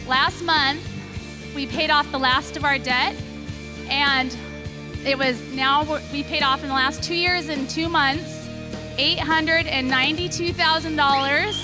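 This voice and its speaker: Woman from california, really high voice, emotional testimony on stage, music playing loud behind her. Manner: earnest, emotional, emphatic. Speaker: seminar speaker giving a testimonial.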